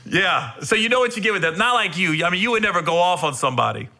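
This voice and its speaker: Animated, very bright-voiced male host. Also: high voice, fast talker. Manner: animated storyteller, laughs often. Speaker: podcast host. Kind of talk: casual interview chat.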